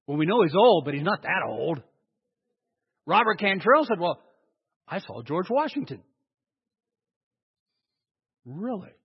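A man's voice: high-pitched, big pitch swings, unhurried, long pauses, husky. A man preaching a conversational sermon, asking his congregation questions as he teaches. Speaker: pastor. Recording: dull long-reverb hall sound.

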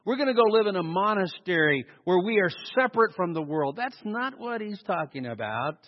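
A man preaching a sermon as pastor, animated and sarcastic, with mocking asides to the congregation. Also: high voice, fairly quick, big-room sound, muffled recording.

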